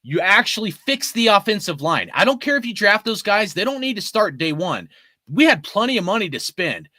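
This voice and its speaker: A man's voice: sits high, very animated, fairly quick, sharp tone, dry recording. A man in his forties ranting about his team in a heated, profane way. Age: 40s. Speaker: sports fan commentator. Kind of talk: ranting fan commentary.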